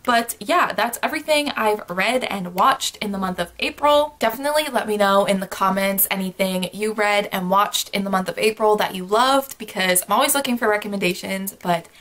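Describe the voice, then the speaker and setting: A woman's voice: medium pitch, moderate pace, hardly any pauses, a bit bright. A young woman vlogger chatting casually about her month, gushing and bubbly, laughing often between thoughts. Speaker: book vlogger. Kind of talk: casual monthly wrap-up chat.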